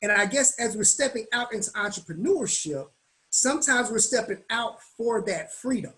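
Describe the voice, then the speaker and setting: A man speaking as a guest at a business meetup, telling stories in a lively, colloquial way and acting out the voices of the people in them. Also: very high voice, normal speed, rough recording. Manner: animated, colloquial, acts out quoted voices. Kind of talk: storytelling in a business meetup talk.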